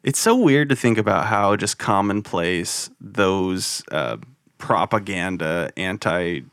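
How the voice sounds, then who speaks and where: A young man with a gravelly, creaky voice rambles through casual podcast chat, restarting his sentences. His pitch swings widely and he laughs easily. The sound is dry with no room echo. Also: lively intonation, slow, a bit bright. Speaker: podcast co-host.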